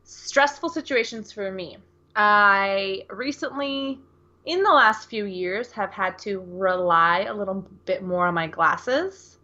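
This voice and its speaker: An American woman co-hosts a podcast, rambling casually with plenty of fillers. Her mid-range voice moves slowly with a sharp tone, and the recording's highs are cut off.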